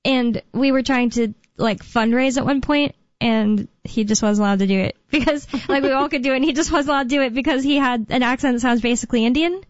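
A young woman hosting talk radio in a rambling, casual way, pausing on fillers as she thinks aloud. Her voice sits a little high and sounds close and dry, yet somewhat muffled and dull. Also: no echo.

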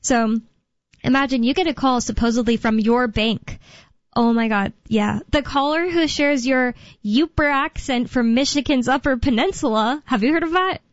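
A young woman co-hosts a call-in radio show in a fairly high voice, rambling through her thoughts with fillers and restarts. The studio sound is dry and close, a little dull on top. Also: normal speed, no room sound. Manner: rambling, filler-heavy, self-correcting. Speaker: radio co-host. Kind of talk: casual talk radio chat.

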